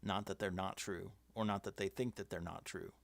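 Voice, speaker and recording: A man's voice: low voice, steady tone, normal speed, vocal fry, no room sound. Opinionated man talking to his stream. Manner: opinionated, reads out viewer comments. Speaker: livestream host. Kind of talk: casual livestream talk with viewer comments. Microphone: webcam setup.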